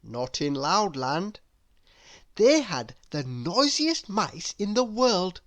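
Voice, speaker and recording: A woman reading a children's story aloud, expressive and asking the listener questions. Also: on the low side, slow pace.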